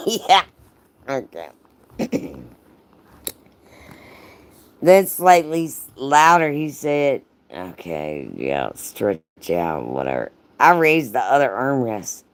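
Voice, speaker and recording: A woman's voice: low-pitched, vocal fry, no echo. A woman hosting a livestream, reading a racy story aloud and breaking off to tease her chat with profane jokes and frequent laughter. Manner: profane, teasing, laughs often, talks to chat by name. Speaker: livestream host.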